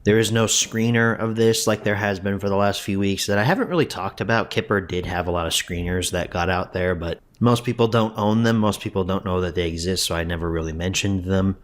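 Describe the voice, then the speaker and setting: A man's voice: low voice, a little fast, hardly any pauses. A man hosting his own home media review show, talking casually with restarts and asides. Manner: mock-sobbing, exaggerated emotional outbursts at the start; conversational, with frequent restarts and asides.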